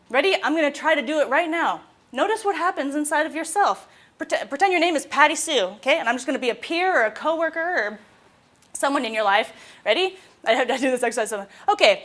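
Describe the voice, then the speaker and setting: A woman, a mental health specialist giving an informal talk to students, telling stories with lively acted-out quotes. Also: sits high.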